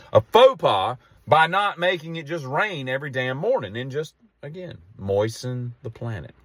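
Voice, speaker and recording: A man's voice: mid-range voice, a bit bright, no room sound. A man telling a rambling story and ranting casually to camera, exasperated. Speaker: vlogger.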